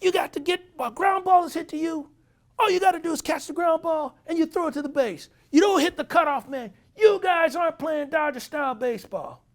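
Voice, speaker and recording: A man impersonating a furious, foul-mouthed older baseball manager who scolds his team in a loud, gravelly voice. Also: high-pitched, big pitch swings, normal speed, pitched above the performer's own voice. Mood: scolding. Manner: yelling, scolding.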